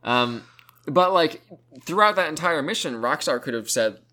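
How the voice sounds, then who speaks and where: A man's voice: a little high, animated, moderate pace, bright, forceful tone. A young man co-hosting a casual gaming chat, making wry, dry asides. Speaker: podcast co-host.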